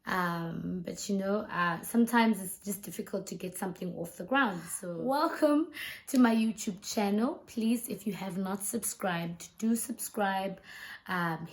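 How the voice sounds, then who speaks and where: A woman's voice: medium pitch, bright, forceful tone. A South African woman who is a lawyer, telling a story in a chatty, conversational vlog and often tagging her lines with "right?" and "you know". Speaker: lawyer and YouTuber.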